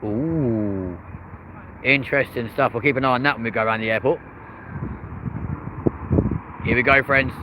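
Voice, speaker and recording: A man, giving excitable live commentary outdoors by an airport and chatting with viewers by name. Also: mid-range voice, normal speed, pauses often. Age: early 30s. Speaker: live-stream plane-spotting host. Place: outdoors near a busy airport and street. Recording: outdoor stream with loud traffic and urban noise.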